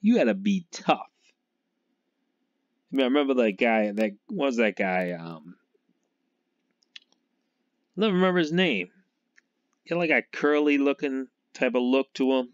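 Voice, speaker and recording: A man's voice: mid-range voice, expressive, unhurried, long pauses, no echo. Rambling man from Massachusetts, lo-fi. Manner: laughs often, trails off and restarts. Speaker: sports fan vlogger. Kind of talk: rambling casual monologue. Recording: dull lo-fi recording.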